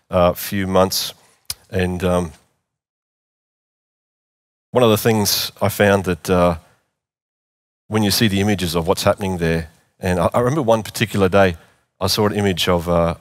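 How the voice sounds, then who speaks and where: A middle-aged man preaching in church, earnest and repeating phrases for emphasis. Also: low-pitched. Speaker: pastor. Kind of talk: sermon.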